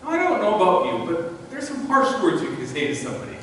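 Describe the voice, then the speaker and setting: Male pastor, high-pitched and very expressive, chatty animated sermon, distant mic in a big echoing sanctuary. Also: quick pace, slight background noise. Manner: conversational, animated storytelling with rhetorical questions. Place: church sanctuary. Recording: echoey hall, voice from far off.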